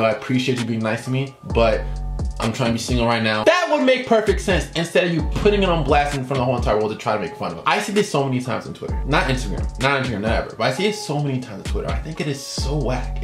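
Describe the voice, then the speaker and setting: Fast-ranting young man, echoey room. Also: fairly high pitch. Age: about 20. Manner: exasperated, blunt, slangy. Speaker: vlogger. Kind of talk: ranting to camera.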